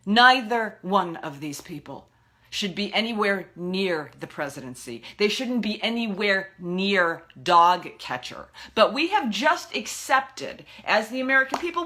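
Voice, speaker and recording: A woman's voice: medium pitch, bright, forceful tone. A woman ranting about politics in a frustrated, heated way, often stumbling and restarting her words. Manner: exasperated, ranting, stammering restarts. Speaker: political video blogger. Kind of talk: impassioned political rant.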